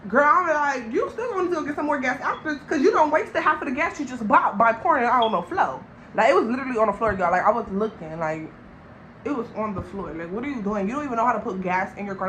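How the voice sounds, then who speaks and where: Animated young woman. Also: a little high, a little hiss or hum, low-quality recording. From Long Beach, California. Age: young adult. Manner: animated, slangy, addresses viewers as y'all. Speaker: vlogger. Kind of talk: storytime vlog.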